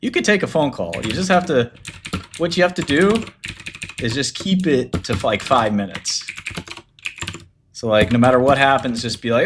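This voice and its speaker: A man's voice: mid-range voice, moderate pace, long pauses, noisy background. Blunt, profane man chatting casually. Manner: blunt and profane, laughs often, acts out quoted people. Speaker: streamer talking about business. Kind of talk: casual livestream chat.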